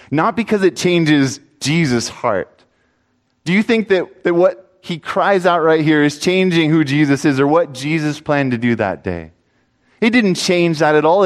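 A man preaching a sermon in an earnest voice, swinging between loud pleading and hushed, low asides. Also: big-room sound.

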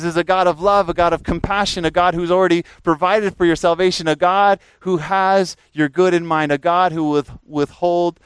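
A man preaching a sermon earnestly, rising to emphatic peaks and dropping to a quiet, prayerful tone. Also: sits high, fairly even intonation, normal speed, few pauses, clear, resonant tone, dry recording, rough recording.

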